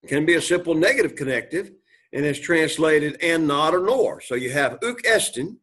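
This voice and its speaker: A man with a slightly husky, somewhat high voice teaches a Greek grammar class. He reads Greek words aloud, translates them, and keeps asking his students questions, clearing his throat now and then. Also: expressive, a little slow, fairly bright tone. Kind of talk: classroom lecture.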